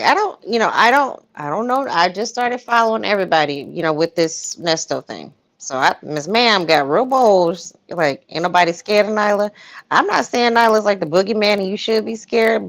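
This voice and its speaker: A woman hosting a casual livestream, commenting in a chatty, rambling and emphatic way. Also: medium pitch. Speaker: YouTube commentator.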